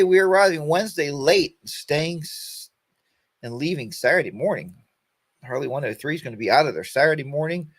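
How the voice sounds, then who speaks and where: A man in his fifties chats casually on his weekend livestream. He rambles in a folksy way and greets his viewers by name. His voice sits at an ordinary pitch and sounds dry and close, with no room echo. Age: 50s. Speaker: host of a weekend motorcycle chat stream.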